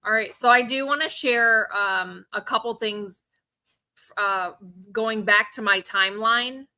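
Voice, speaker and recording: Woman, live-stream co-host, matter-of-fact, crisp bright tone. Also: on the high side, a little slow. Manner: matter-of-fact, reads out screenshots and texts. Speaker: co-host and auction seller. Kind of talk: live-stream talk walking through a timeline.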